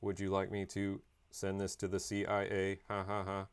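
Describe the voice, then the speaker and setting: Smug robot AI, flat and monotone, lowish, put on by a man mid-stream. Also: moderate pace, clear, resonant tone. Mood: deadpan mocking. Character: deadpan joking AI robot, male, smug.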